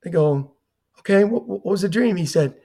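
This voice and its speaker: A man's voice: high-pitched, animated, moderate pace, dark tone. An older man, a retired fire chief, telling a personal story in an earnest way and acting out the dialogue he quotes. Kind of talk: storytelling in a conversation.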